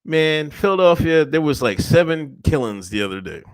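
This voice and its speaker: Laughing man co-host, lively voice. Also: fairly high pitch, moderate pace, smooth, no room sound. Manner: laughing often, profane, reads viewer comments. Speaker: podcast co-host. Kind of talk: casual podcast banter.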